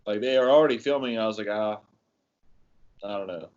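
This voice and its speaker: A man co-hosting a film podcast, speaking casually and bluntly with hesitant pauses. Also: lowish voice, a little mellow, dull audio. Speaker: podcast co-host.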